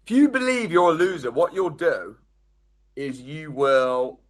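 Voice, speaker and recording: A man's voice: a little high, measured pace. A man speaking to a live seminar audience, addressing them directly with questions and acting out the inner voices he describes. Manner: animated, acts out quoted inner voices. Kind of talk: live motivational seminar talk.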